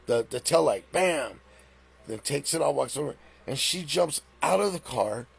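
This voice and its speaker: A middle-aged man hosting a live stream, retelling a story in a casual, animated way, with rambling restarts. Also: fairly high pitch, normal speed, creaky, husky.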